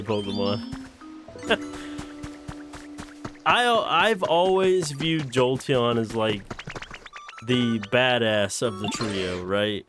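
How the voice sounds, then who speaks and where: A young adult man streaming gameplay live, excitable and loud with laughter and swearing. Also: mid-range voice, slow pace, pauses often, faint music behind.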